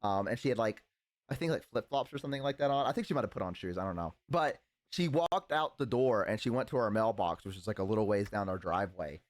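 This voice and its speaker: A man's voice: on the low side, fast, no room sound. A man casually telling a childhood story on a stream, rambling with lots of fillers. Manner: rambling, animated with many fillers.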